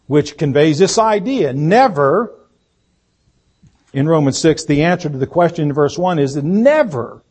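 Emphatic preaching man, slightly high voice. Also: animated, a little mellow, breathy edge. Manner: deliberate, emphatic preaching with fillers and restarts. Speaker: pastor. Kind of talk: sermon. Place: church sanctuary.

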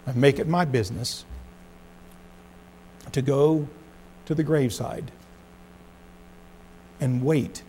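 A middle-aged man preaching a sermon as pastor, swinging between loud emphasis and hushed low phrases. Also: a little hiss or hum.

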